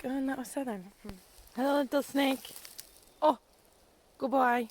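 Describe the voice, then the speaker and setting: A woman's voice: sits high, animated, moderate pace, pauses often, a little mellow. A woman working as a land steward, chattering and cooing at animals she meets outdoors on the trail. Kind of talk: casual walking vlog.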